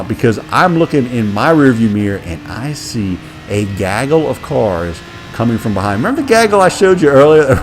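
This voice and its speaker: A man talks through his own racing replay in a relaxed, chatty voice, with a pitch that climbs and dips freely. He laughs at himself as he explains his choices. Soft music and engine sounds play faintly behind him. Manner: chatty, self-deprecating, lively. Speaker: sim racing commentator. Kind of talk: casual race commentary over replay.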